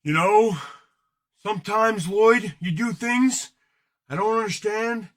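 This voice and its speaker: A man's voice: high-pitched, takes it slowly, a bit bright. A man hosting a late-night card break, joking, rambling and swearing as he opens packs. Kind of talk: casual livestream card break.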